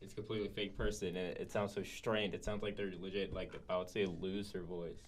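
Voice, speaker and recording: A podcast co-host with a low-pitched, brisk voice and little pitch movement chats casually, rambling with plenty of fillers and restarts.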